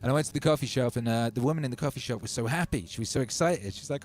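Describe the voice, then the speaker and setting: Male streamer, casual rambling chat with a sardonic edge, mid-pitched, faint music under him. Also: very fast, hardly any pauses, a little mellow. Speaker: livestream host. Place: home studio.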